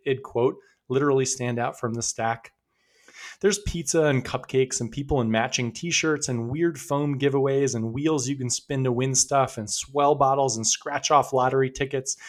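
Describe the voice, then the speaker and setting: A man hosting a podcast, telling stories in a conversational, upbeat way. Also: mid-range voice. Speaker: podcast host. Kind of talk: scripted podcast narration.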